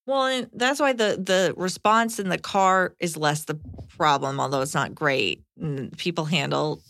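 A woman co-hosting an advice podcast, talking in a measured, reflective way that hedges her points. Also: low-pitched, fairly bright tone. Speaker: podcast co-host. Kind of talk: casual advice chat.

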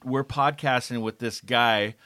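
A man's voice: mid-range voice, fairly even intonation, measured pace, bright, forceful tone, no echo. A man co-hosting a podcast, telling a funny anecdote in an easygoing casual chat. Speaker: podcast co-host.

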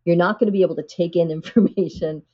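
An earnest woman guest with a fairly low voice, explaining with animated conviction and peppering her talk with "you know". The sound is dull and lo-fi, as if through a thin connection. She speaks as a psychiatrist being interviewed. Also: fast.

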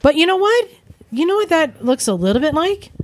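A woman hosting a podcast, who runs the chat in a brisk, teasing way. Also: high-pitched, very animated, crowd noise. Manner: teasing, brisk, directs the talk. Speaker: podcast host. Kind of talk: casual chat.

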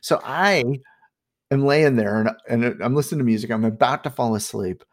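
A middle-aged man casually telling a spooky family story on a podcast, animated and full of fillers. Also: mid-range voice, normal speed. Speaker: guest storyteller.

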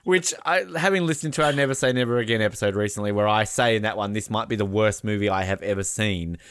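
A man's voice: fairly low pitch, quick pace, fairly bright tone, smooth, no room sound, studio quality. A man co-hosting a podcast in casual chat, rambling with fillers and laughs. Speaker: podcast co-host.

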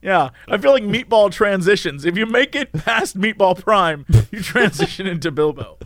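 A man's voice: high voice, expressive, normal speed, a bit bright, no room sound, clean studio sound. A young man co-hosting a casual podcast chat, teasing and laughing a lot. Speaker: podcast co-host.

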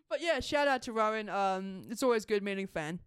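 A young woman in her twenties, co-hosting a casual podcast and telling excitable stories while laughing often. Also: medium pitch, clean tone, no room sound, clean studio sound. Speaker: podcast co-host. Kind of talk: casual chat.

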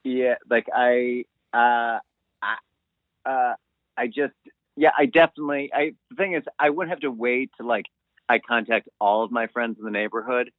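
A man's voice: mid-range voice, normal speed, no room sound. A man co-hosting a casual comedy podcast, rambling with lots of "like" and acting out little scenes in funny voices. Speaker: podcast co-host. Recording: tinny phone-like line.

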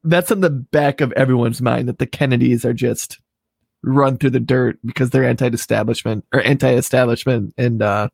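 A man co-hosts a podcast and gives his opinions in a loose, conversational way, with the odd swear word. His voice sits at a middle pitch. The recording is dry and close. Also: fairly even intonation, moderate pace, vocal fry, darkish tone, no echo. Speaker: podcast co-host. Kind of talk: casual political chat.

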